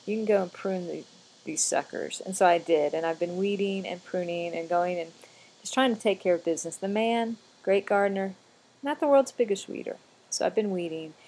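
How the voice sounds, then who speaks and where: A woman's voice: mid-range voice, a little mellow. A middle-aged woman chatting casually, rambling from one aside to the next with a chatty, digressive manner.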